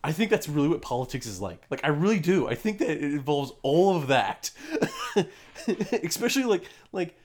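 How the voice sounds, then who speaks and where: A man's voice: fairly high pitch, sing-song, normal speed. A young adult man co-hosting a podcast, chatting casually and rambling with frequent restarts and laughs. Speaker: podcast co-host. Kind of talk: casual chat.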